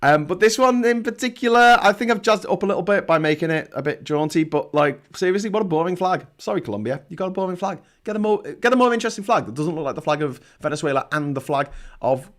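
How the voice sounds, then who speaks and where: A man in his thirties hosts a casual livestream with a voice a little higher than most men's. He talks in a loose, sarcastic ramble, often starting a sentence twice before he gets going. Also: lively intonation, quick pace, a bit bright. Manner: chatty, sarcastic, rambling with many restarts. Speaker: host of a live travel show.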